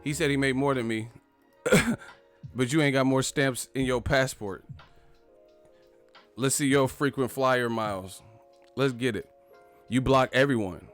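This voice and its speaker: A man's voice: fairly high pitch, normal speed, fairly bright tone, soft background music. Brash man trash-talking on a live stream. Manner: brash trash talk, frequent laughing. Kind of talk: casual live chat commentary.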